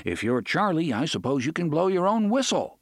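A man's voice: fairly high pitch, sing-song, brisk, no echo, studio quality, pitched above the performer's own voice. A man voicing a proud, stern train engineer in an audiobook, speaking in a big stern voice. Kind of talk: audiobook character voice.

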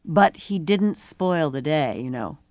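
A woman voicing a big, tough older woman who is blunt, profane and reassuring, with a low rumbling voice. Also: animated, takes it slowly, darkish tone, no room sound, heavily acted. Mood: earnest.

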